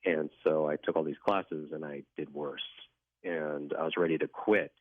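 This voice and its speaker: A man's voice: a bass voice, fairly even intonation, normal speed. A man telling his personal story as a guest in a radio interview, in an earnest, reflective way. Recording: dry tinny phone line.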